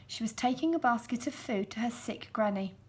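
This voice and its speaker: A woman gently reading a children's storybook aloud, slow and expressive. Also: fairly high pitch, slightly rough.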